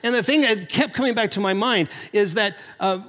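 A man from Oklahoma preaching a sermon as pastor, earnest and animated, often restarting his sentences. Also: sits high, fairly quick, big-room sound. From Oklahoma, USA.

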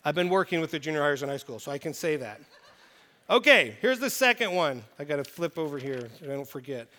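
A man preaching a sermon, animated, with emphatic rises and hushed drops. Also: a little high, brisk, in a large hall. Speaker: pastor.

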